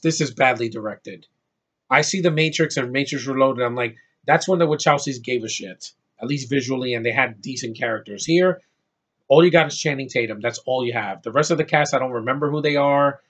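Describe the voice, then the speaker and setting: A man's voice: medium pitch, fairly bright tone. A man giving a blunt, profane, rambling film review rant. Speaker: movie reviewer.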